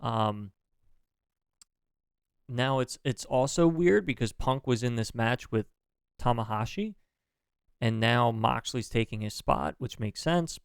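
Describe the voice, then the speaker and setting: A man's voice: medium pitch, measured pace, vocal fry, long pauses, clean tone, no room sound, studio quality. A man co-hosting a casual wrestling podcast, reading out a news update with lots of fillers and apologies. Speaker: podcast co-host.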